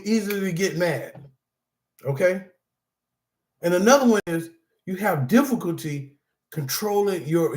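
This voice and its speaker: Animated, high-voiced man preaching with laughter. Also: roomy sound. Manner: laughs often, animated, addresses viewers as y'all. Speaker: support group host. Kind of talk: casual preaching-style talk to camera.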